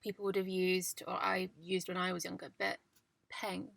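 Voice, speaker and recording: A woman's voice: lowish voice, little pitch movement, moderate pace, gravelly, fairly bright tone, dry recording. A young woman co-hosting a casual chat, candid and self-mocking, often amused. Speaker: podcast co-host. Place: parked car.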